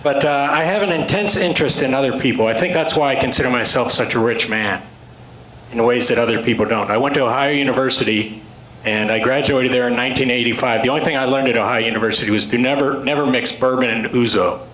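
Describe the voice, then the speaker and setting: Late-50s male storyteller, self-deprecating humor, mid pitch, roomy hall sound. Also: fast talker, a bit bright. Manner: dry, self-deprecating joke delivery, rambling asides. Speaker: storyteller and author giving a talk. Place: club meeting room with an audience. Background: audience laughter.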